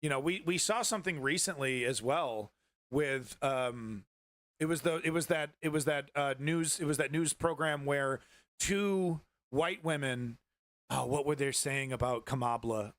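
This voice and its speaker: A man's voice: medium pitch, a bit bright, dry recording. A man hosting a livestream news show, giving casual political commentary in a rambling, profane way, with many restarts.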